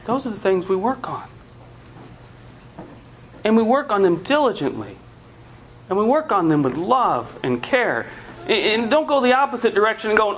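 A man delivers a sermon to parents in a relaxed, conversational way. He slips into the voices of the people in his story as he tells it. His voice sits a little high, and faint room ambience hangs behind him. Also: moderate pace, long pauses, a little hiss or hum, poor audio. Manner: conversational preaching with acted-out quotes. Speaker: pastor.

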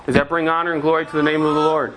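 A man's voice: a little high, flat delivery, rapid-fire, fairly bright tone, slight background noise. A man preaching a sermon as pastor, asking the congregation earnest rhetorical questions.

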